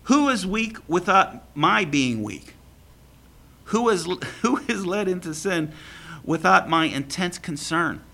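Animated gravelly preacher man. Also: sits high, slow pace. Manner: animated, acts out biblical quotes with laughs. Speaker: pastor. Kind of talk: sermon.

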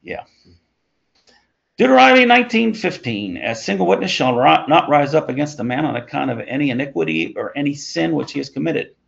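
A man's voice: fairly high pitch, very animated, fairly quick, creaky, highs cut off. A man leading an informal Bible study, talking conversationally with chuckling asides as he reads and explains scripture.

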